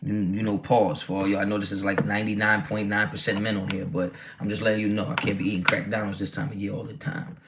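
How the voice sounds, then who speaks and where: A man's voice: fairly low pitch, flat delivery, quick pace, few pauses, background noise. A man hosting a casual football livestream, talking brashly and with a lot of swearing as he answers his chat. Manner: brash, profane, reads chat aloud. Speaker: livestream host.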